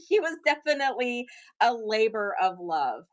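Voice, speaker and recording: A woman hosting a casual live stream to sell her handmade pieces, talking in a chatty, excitable way with plenty of fillers. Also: a little high, normal speed.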